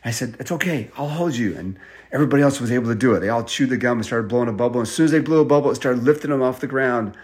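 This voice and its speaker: Man telling an animated bedtime story. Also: very fast. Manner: animated, jumps to high excited voices for quoted characters; drops to a soft, hushed voice at suspenseful moments.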